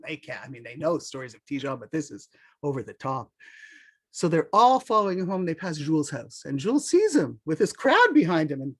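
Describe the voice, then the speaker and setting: Animated folk-tale storyteller. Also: medium pitch, slightly rough. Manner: animated, repeats words, sprinkles in French. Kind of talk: oral folk-tale telling.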